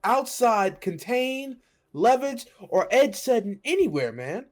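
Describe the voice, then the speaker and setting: Blunt podcast dude, high lively voice, keeps saying man. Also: unhurried. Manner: blunt, emphatic, ends lines with "man". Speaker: podcast co-host. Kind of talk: casual sports podcast chat.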